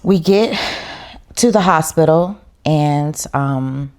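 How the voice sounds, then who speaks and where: A woman's voice: low-pitched, slow pace, a little mellow. A woman, a podcast guest, telling her story in casual chat in a heartfelt, reflective way.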